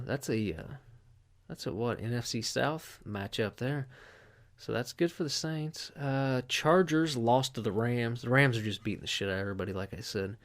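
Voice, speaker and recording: A man hosting a podcast, chatting casually and rambling through sports scores and a profane anecdote. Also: medium pitch. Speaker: podcast host.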